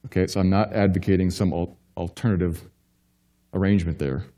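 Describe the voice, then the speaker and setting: A pastor preaching a sermon with emphatic delivery, rising to urgent questions and dropping to quiet assurance. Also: male voice, low voice, steady tone, fairly quick, long reverb tail. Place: church sanctuary.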